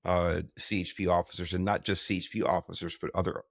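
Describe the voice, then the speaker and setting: A man hosting an interview podcast, asking long, measured questions and searching for the right words. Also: deep voice, flat delivery, gravelly, no echo, studio quality. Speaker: podcast host.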